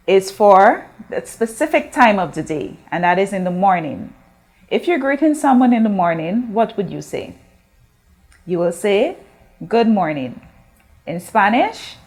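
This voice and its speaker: A woman teacher from Guyana leads a recorded school lesson at an unhurried pace. She speaks patiently, drawing out words and pausing for her class to repeat, and asks questions as she goes. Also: mid-range voice. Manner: slow, drawn-out modeling of words for repetition. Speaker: Spanish teacher.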